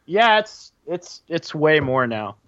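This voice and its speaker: A man co-hosting a casual film discussion, explaining in a halting way with many fillers. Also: fairly high pitch, big pitch swings, a bit bright, no room sound. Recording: dull lo-fi dry sound.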